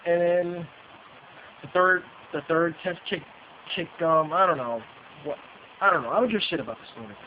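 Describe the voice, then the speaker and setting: A man's voice: a little high, moderate pace, long pauses. A man giving a casual, profane ranting review, repeating himself and restarting sentences. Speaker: movie reviewer. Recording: dull lo-fi with faint hiss.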